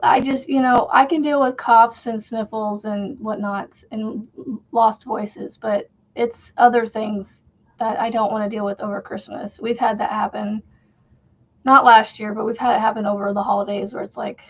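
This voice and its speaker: A woman's voice: medium pitch, level tone, normal speed, lo-fi sound. A woman in her thirties hosting a casual crochet livestream from home, chatting in a rambling way and laughing often as she works. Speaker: crochet channel host.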